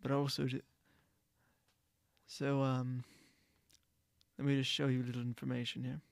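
Male podcast host, gravelly tone, rambly delivery with lots of restarts, dry close sound. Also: medium pitch, flat delivery, normal speed, no room sound. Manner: rambling, frequent restarts and self-corrections. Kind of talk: casual solo podcast talk.

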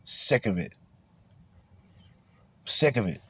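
A man's voice: on the low side, animated, takes it slowly, fairly bright tone, breathy edge. A man hosting a casual podcast, ranting bluntly and crudely with lots of swearing. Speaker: podcast host.

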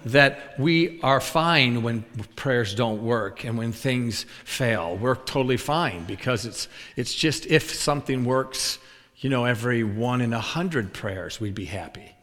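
A man's voice: medium pitch, measured pace. A male preacher telling a story in a sermon, acting out the voices of the people in it. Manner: animated storyteller acting out both sides of a dialogue. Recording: long hall reverb.

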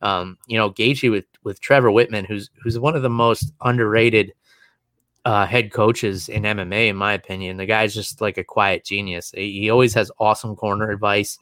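A man's voice: lowish voice, steady tone, fairly bright tone, no echo. A man talking casually about a fight, full of restarts and fillers as he thinks aloud. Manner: fast, rambling, many restarts and fillers. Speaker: MMA analyst guest. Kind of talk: casual podcast chat.

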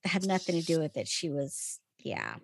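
Gravelly-voiced woman, blunt and swearing. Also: deep voice, wildly swooping pitch, normal speed, no room sound. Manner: blunt, swears, reacts loudly. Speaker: podcast co-host. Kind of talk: casual chat.

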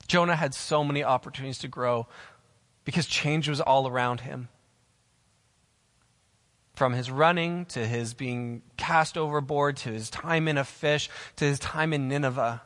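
The pastor's sermon is aimed at an online audience and shot on camera in a church whose hall gives a long reverb. He stresses his points and says his central phrases again and again. His voice is mid-pitched and fairly bright, moving at a moderate pace.

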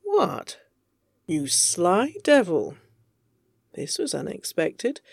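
A reader voicing a sardonic, world-weary man, deadpan and teasing, in a fan fiction audio reading. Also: medium pitch, extremely slow, gravelly, husky, dry recording, clean studio sound, heavily acted. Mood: dry teasing.

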